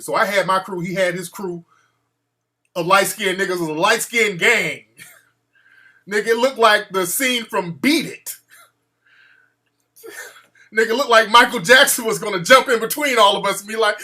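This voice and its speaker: A man hosting a call-in show, telling a story in an animated, profane way and acting out the quotes. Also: sits high, unhurried, long pauses. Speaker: radio show host.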